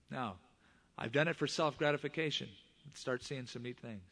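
A middle-aged male pastor preaching a sermon, with animated rises in voice and sudden hushed drops. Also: mid-range voice, normal speed. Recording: long reverb of a large hall.

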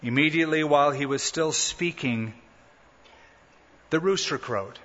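A man delivers a sermon in a bright, slightly high voice and animates the quoted lines with rising pitch. The recording carries a long hall echo and sounds a bit muffled. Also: a little slow. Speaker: pastor.

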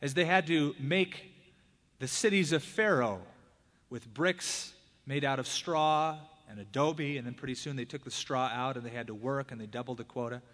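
A male pastor preaching a conversational sermon, with big swings between loud emphatic peaks and hushed, low asides. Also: moderate pace. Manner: conversational preaching, acting out quoted prayers and dialogue. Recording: hall reverb.

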